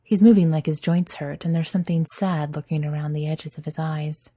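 Woman narrator, audiobook story reading, low pitch, husky, mellow tone. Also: fairly even intonation, fairly quick.

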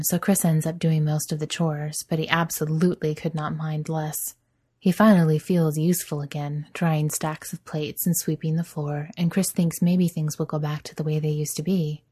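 A woman narrating a story aloud in a gentle, even storytelling manner. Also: low-pitched. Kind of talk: audiobook story reading.

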